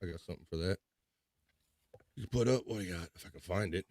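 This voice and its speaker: A man's voice: sits low, quick pace, darkish tone, dry recording. A man hosting a casual live chat show, reading viewer comments aloud in a loose, upbeat way with playful filler sounds.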